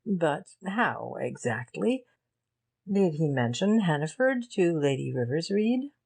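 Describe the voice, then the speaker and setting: A gruff police detective speaks bluntly and slowly in a low register, voiced by a woman narrator. He is direct and plain-spoken. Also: big pitch swings, darkish tone, full character voice.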